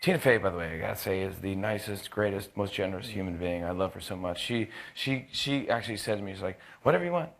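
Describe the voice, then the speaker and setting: A man in his thirties, a talk show host, telling a casual anecdote with lots of restarts, quick impressions and laughter. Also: low voice.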